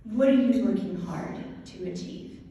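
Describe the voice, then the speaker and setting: A woman telling a personal story as a motivational talk to an audience, lively and laughing often. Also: medium pitch, moderate pace, muffled recording. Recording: echoey hall from far off, faint noise.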